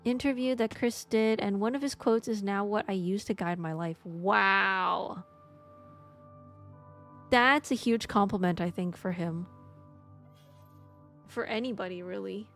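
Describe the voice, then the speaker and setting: A woman's voice: mid-range voice, fairly bright tone. A young adult woman chatting casually with her live-stream audience, rambling and joking at her own expense. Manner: chatty, rambling, self-mocking.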